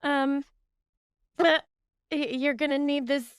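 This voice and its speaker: A woman's voice: sits high, takes it slowly, dry recording, studio quality. A woman co-hosting a podcast, chatting casually and giggling at herself as she describes her baking. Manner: animated, giggly, self-deprecating. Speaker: podcast co-host, baker. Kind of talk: casual chat.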